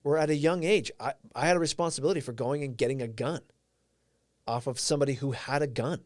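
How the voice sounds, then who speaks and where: A man's voice: medium pitch, fast, dry recording, clean studio sound. A man whose first language is Portuguese, hosting a live stream and giving an earnest, reflective motivational talk while answering viewers' comments.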